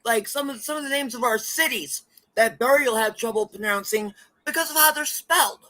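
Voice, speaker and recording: Woman co-host, relaxed conversational delivery, bright and fairly high. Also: a little fast, poor audio. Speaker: live stream co-host. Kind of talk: casual chat.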